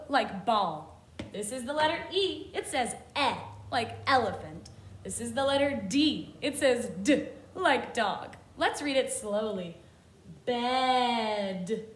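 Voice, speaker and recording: A woman teaching a kindergarten phonics lesson, sounding out letters and words slowly and clearly with exaggerated letter sounds. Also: high voice, a little hiss or hum. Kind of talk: phonics lesson for young children. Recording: roomy echo.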